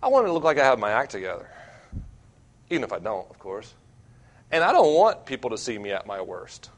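A young man preaching as a campus minister, earnest and self-deprecating, with wide swings between loud and quiet. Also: mid-range voice, wildly swooping pitch, a little fast. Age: young adult. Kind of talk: sermon.

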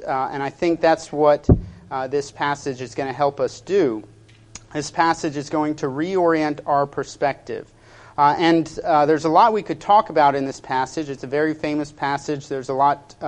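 A male pastor preaching a sermon in a measured, hesitant way, with frequent pauses and fillers. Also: on the high side.

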